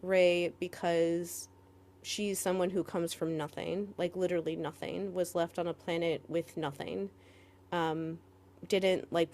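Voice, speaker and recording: A woman co-hosting a podcast in casual chat, rambling with lots of "like" fillers and quick laughs. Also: lowish voice, darkish tone. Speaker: podcast co-host.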